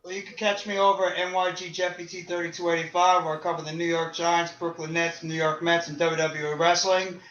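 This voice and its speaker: A man co-hosting a sports podcast, promoting his channel in a brisk way. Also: a little high, little pitch movement, fairly bright tone, roomy sound, highs cut off. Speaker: podcast co-host. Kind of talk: casual sports podcast chat.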